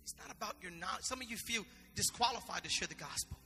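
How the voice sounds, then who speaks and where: Impassioned high-voiced bright preacher. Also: male voice, fast, gravelly, long reverb tail, soft background music. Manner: impassioned, conversational preaching with repetitions. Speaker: pastor. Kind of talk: sermon.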